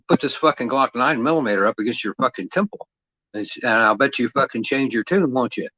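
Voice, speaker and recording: A man's voice: mid-range voice, lively intonation, fairly quick, bright, forceful tone, dry recording, muffled recording. Profane, taunting middle-aged man. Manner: aggressive, mocking, heavy swearing; taunting rhetorical questions. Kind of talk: profane rant on a livestream.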